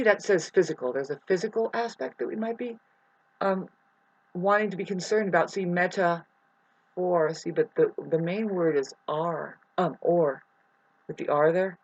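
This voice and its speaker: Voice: medium pitch, a little mellow, breathy edge, dry recording. Vlogger, mid-range voice, meandering monologue full of restarts; dry, lo-fi sound. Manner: meandering, free-associating, with many restarts and pauses. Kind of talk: rambling spoken monologue. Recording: dry, slightly dull lo-fi sound.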